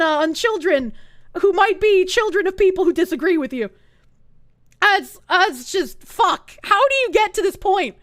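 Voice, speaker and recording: A woman's voice: very high voice, animated, moderate pace, fairly bright tone, no room sound, studio quality. A woman streamer ranting live in heated, sarcastic, profane commentary. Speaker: Twitch streamer.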